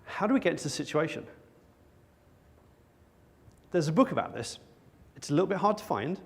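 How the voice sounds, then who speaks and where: A man talks a little fast in a gravelly, high-leaning voice with big swings in pitch. He is a conference speaker on stage in front of an audience, wry and full of jokes at his own expense.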